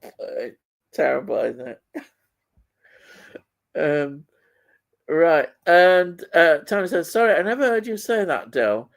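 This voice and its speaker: 说话慢悠悠、爱调侃的英国男人. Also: male voice, on the high side, expressive, slow, vocal fry, long pauses. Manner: teasing, laughs often. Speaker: co-host of a film chat live stream. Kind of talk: casual banter, reading chat comments.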